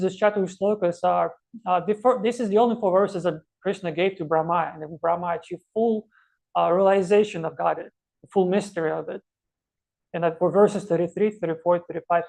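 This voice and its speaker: A man teaching a scripture class, telling stories and explaining verses with many pauses and restarts. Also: sits high, creaky, darkish tone. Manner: storytelling, many fillers and restarts.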